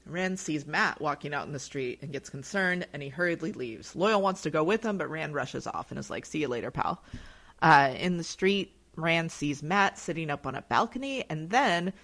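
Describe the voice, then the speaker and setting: Podcast co-host, woman, chatty recap delivery, lively swooping pitch, loose and filler-heavy. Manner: chatty, lots of fillers, quick laughs. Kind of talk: casual chat recap.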